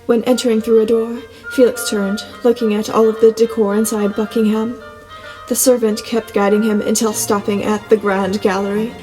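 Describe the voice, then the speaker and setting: Mellow, even-toned female narrator. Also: on the high side, normal speed. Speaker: audiobook narrator. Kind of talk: scripted storybook narration. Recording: long reverb, soft music beneath.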